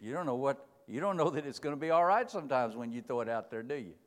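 Preacher in a reverberant hall. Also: male voice, mid-range voice, animated, fast. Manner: folksy, rhetorical questions, big swings between soft and loud. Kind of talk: sermon with folksy storytelling.

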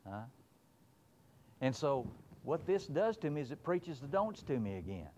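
A man's voice: on the high side, big pitch swings, a little slow, long pauses, darkish tone, lo-fi sound, slight background noise. A man preaching a folksy, emphatic sermon, reading scripture aloud and voicing God in playful asides.

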